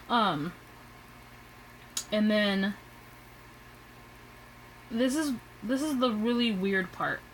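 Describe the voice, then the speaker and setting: A young woman tells a personal story straight into her phone camera, chatty and expressive. She acts out the quoted lines by pushing her voice up, and her mid-range pitch moves a lot from line to line. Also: slight background noise, poor audio. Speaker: vlogger.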